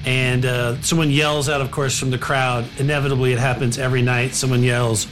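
A man narrating as game master of a tabletop game, relaxed and full of fillers. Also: medium pitch, brisk, over music.

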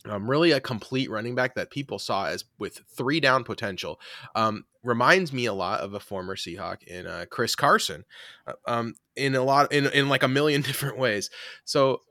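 A man co-hosting a casual sports podcast, animated and quick to laugh, with frequent asides. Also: mid-range voice, no echo, studio quality. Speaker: podcast co-host.

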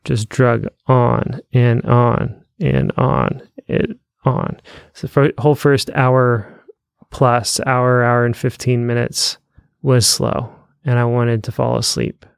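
A man co-hosting a podcast, giving relaxed and somewhat halting takes on a film in casual chat. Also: medium pitch, creaky, clear, resonant tone, no echo, clean studio sound. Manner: easygoing, hesitant, rambling. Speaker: podcast co-host.

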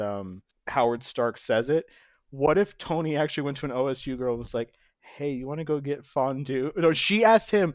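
A man's voice: mid-range voice, no room sound, highs cut off. A man co-hosting a podcast, riffing on jokes in casual chat and laughing often. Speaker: podcast co-host.

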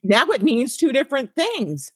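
A woman, an elementary school counselor, telling a story in casual, animated talk with lots of "like" and "you know.". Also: sits high, moderate pace, slightly rough, no room sound.

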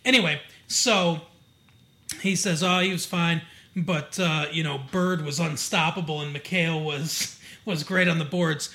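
Man, from Michigan, podcast co-host, rambling asides, bright tone, fairly high pitch. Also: steady tone, unhurried. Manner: rambling, frequent fillers and asides. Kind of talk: casual chat recapping a TV episode.

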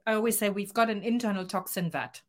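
A woman's voice: mid-range voice, fast talker. Earnest woman coach explaining emotions. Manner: earnest, expressive, acts out quoted lines. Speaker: guest coach. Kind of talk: podcast interview.

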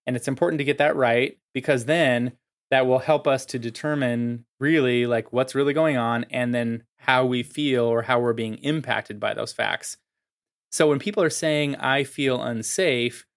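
A man hosting a solo podcast, explaining ideas in a casual way with lots of filler words. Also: medium pitch. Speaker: podcast host.

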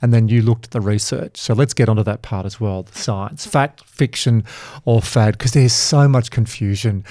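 A man hosting a podcast, telling his stories in an animated, vivid way. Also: on the low side, moderate pace, no room sound, studio quality. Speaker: podcast host. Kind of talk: conversational podcast storytelling.

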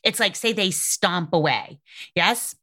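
A woman's voice: on the low side, animated, slow pace, sharp tone. A woman, hosting a parenting show and giving casual, candid advice with frequent laughs. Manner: conversational, candid, laughs often. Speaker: parenting podcast host.

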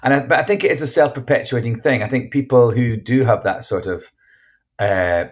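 A man's voice: medium pitch, a little fast. A Scottish man, an actor and author, telling stories frankly in an interview with lots of restarts. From Scotland. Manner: chatty, frank, many restarts. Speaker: actor and memoir author, guest. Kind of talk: casual interview storytelling.

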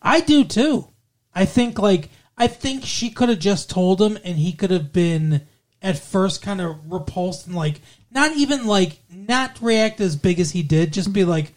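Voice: mid-range voice, animated, unhurried. Rambling, foul-mouthed podcast co-host. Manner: rambling, swears freely, acts out characters' lines. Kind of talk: casual movie discussion.

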